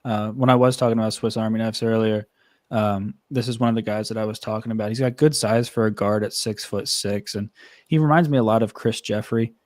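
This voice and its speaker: A man's voice: lowish voice, fairly even intonation, fairly quick, a little mellow, no echo, studio quality. A man co-hosting a casual basketball podcast, chiming in with short agreeing remarks. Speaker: podcast co-host. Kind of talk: casual sports podcast chat.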